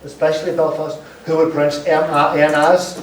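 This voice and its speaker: A man lectures to a live audience, pausing to repeat words so the sounds come through. He is picked up from across an echoey room, a little distant, with a faint hiss underneath. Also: fairly high pitch, little pitch movement. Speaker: guest lecturer. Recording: roomy echo, distant mic, faint hiss.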